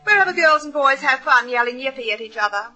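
An actress playing a flirtatious, theatrical rich woman who teases in a breathy, drawn-out way, in 1940s radio acting. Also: sits high, expressive, bright, forceful tone, lo-fi sound, faint music behind, exaggerated voice. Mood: teasing. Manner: breathy, teasing, drawn-out purring.

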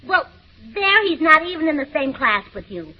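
A woman's voice: high-pitched, very animated, normal speed. A woman in a 1940s radio comedy, chirpy, scatterbrained and giggly. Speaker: comedy show co-star. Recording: dull old radio broadcast.

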